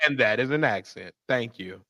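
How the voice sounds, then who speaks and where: A man's voice: mid-range voice, moderate pace, gravelly, dull audio, slight background noise. A man co-hosting a podcast in heated casual chat, speaking in a needling way and arguing point by point. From United States. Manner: needling, lively, argues on points. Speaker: podcast co-host.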